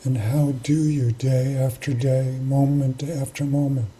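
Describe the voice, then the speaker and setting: A Zen teacher giving a dharma talk, telling a teaching story in a measured, reflective way and closing with questions for the listeners. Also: mid-range voice, little pitch movement, dark tone, a little hiss or hum, poor audio. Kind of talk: storytelling sermon.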